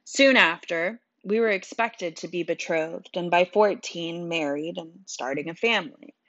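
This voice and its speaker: A woman's voice: on the low side, a little slow, a bit bright, no room sound. A woman narrating a story in the first person with a wry, dry telling. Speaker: audiobook narrator. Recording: dull, dry sound.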